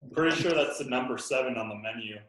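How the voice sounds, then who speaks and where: A man's voice: medium pitch, fast, a bit bright, a little hiss or hum. Casual male podcast host, jokey and loose, recorded in a roomy space. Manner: laid-back, joking, lots of fillers. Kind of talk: casual chat.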